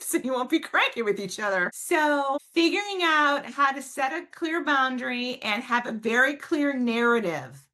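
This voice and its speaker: A woman giving a casual talk on a video call, answering parents' questions and telling stories with warm, animated emphasis. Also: a little high. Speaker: parent educator, guest speaker.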